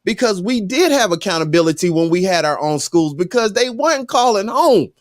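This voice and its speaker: A man with a notably high voice, chatting on a podcast. He tells stories with emphatic, sermon-like conviction. The sound is dry and close. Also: lively intonation, normal speed, dry recording. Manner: emphatic storyteller, preachy. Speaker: podcast co-host. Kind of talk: casual chat.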